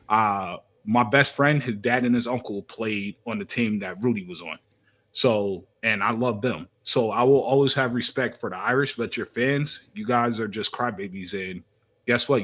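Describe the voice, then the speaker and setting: A man's voice: fairly low pitch, fairly bright tone. A young man co-hosting a sports podcast, speaking in a brash, emphatic, trash-talking way. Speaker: podcast co-host. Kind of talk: casual sports chat.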